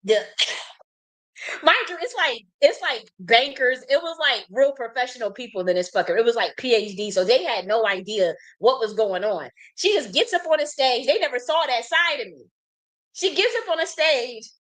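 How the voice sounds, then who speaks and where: A woman in her thirties from the United States, telling a long casual story in a blunt, profane and animated way, with many restarts. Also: fairly high pitch, normal speed, poor audio. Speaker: host.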